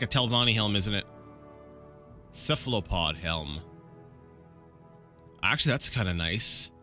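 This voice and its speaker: Bright-voiced man rambling through gameplay. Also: mid-range voice. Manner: rambling and self-correcting, with frequent fillers and restarts. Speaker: let's play gameplay commentator. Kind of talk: casual live gameplay commentary.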